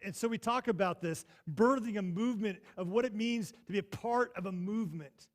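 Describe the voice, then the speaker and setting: A man preaching a sermon as pastor, telling a story in a lively way that jumps from loud bursts to hushed asides. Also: sits high, a little fast, hardly any pauses. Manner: animated, swings from loud to hushed. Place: church sanctuary.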